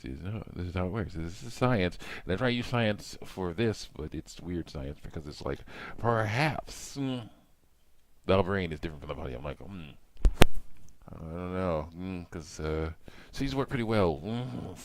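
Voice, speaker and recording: A man with a very low, gravelly voice rambles on in a loose, casual monologue while busy with some hands-on task. He fills his talk with soft hums and "you know"s, and he acts out what he would say in little quotes. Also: animated, normal speed, a little hiss or hum.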